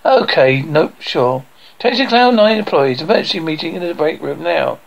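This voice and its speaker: A man with a slightly raised pitch and a gravelly, creaking edge runs through a sitcom script alone. He takes every part himself in one voice and reads the stage directions aloud between the lines. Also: lively intonation, moderate pace, low-quality recording.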